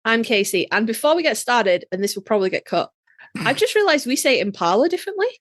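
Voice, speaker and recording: A chatty woman with a Yorkshire accent, co-hosting a podcast with quick, self-mocking asides. Her voice sits fairly high. It sounds close and dry, with no room around it. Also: sing-song, a bit bright, no room sound. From Yorkshire, England. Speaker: podcast co-host. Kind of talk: casual chat.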